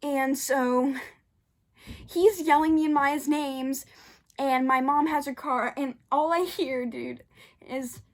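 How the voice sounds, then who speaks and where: A young woman casually telling a personal story, animated and acting out the lines of others with big jumps in voice. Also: high voice, takes it slowly.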